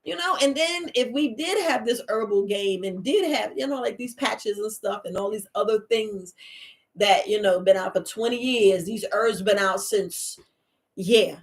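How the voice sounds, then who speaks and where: A woman herbalist host, talking in a casual, animated monologue and acting out the voices she quotes. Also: medium pitch, unhurried. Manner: animated storyteller, acts out quoted voices, laughs often.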